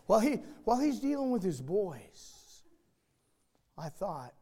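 Older male preacher, higher-pitched voice, slow deliberate delivery, emphatic with sudden drops to a hush. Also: very animated. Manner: emphatic, swinging from loud to hushed. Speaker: pastor. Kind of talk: sermon with storytelling.

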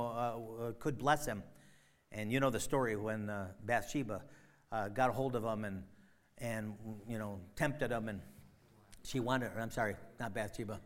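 A man preaching a sermon, retelling a story in a loose, conversational way with many fillers and sudden loud, emphatic bursts. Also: medium pitch. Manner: frequent fillers and restarts, conversational.

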